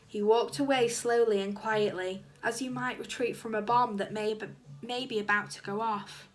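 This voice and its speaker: A woman reading a children's book aloud to young listeners, animated and expressive. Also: a little high, normal speed.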